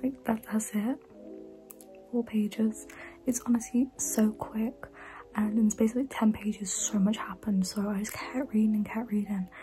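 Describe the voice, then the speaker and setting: A young woman talks through a book she is reading, keen and chatty, often dropping to a hushed near-whisper. Her voice is mellow and warm rather than bright, and faint background music plays under her. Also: mid-range voice, fairly even intonation, moderate pace, poor audio. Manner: often whispering late at night, enthusiastic. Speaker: book vlogger. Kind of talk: casual book review vlog.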